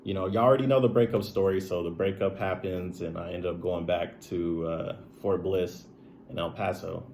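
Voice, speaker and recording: A young man with a lowish voice talks straight to his audience, candid and confiding. His story rambles, padded with "like" and checking in with "right?". It is loose, unscripted vlog storytelling. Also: steady tone, normal speed, vocal fry, darkish tone, a little hiss or hum. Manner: rambling, heavy use of "like" and "right?". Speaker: streamer and video creator. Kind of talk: casual personal storytelling to camera.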